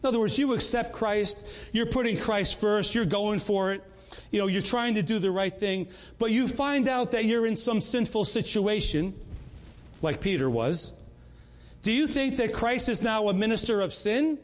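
A man's voice: sits high, moderate pace. A man leading a Bible study in an earnest, conversational way, often repeating words and restarting.

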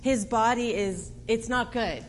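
A woman's voice: a little high, unhurried, in a large hall, a little hiss or hum, voice pushed down, natural voice. A woman voicing a grieving grown woman who pleads and reproaches within a sermon. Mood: worried.

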